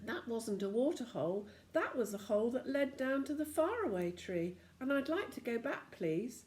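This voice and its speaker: A polite young boy who pleads anxiously in a high, raised voice, as a grandmother puts him on. His pitch jumps well above her reading voice and swings a lot. This is storybook reading for children. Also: sing-song, normal speed, a little mellow. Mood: worried.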